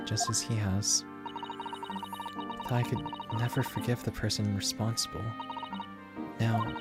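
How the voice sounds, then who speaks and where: A gentle, grieving young assistant, as a man reads her lines, speaking softly and slowly in a low register. Game music runs behind. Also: lightly acted.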